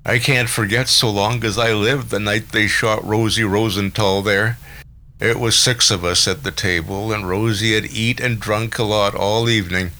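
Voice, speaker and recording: A man's voice: fairly low pitch, fairly even intonation, normal speed, bright, forceful tone. A man voicing a gloomy, sentimental old gangster who talks bluntly and earnestly in a storybook reading. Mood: brooding.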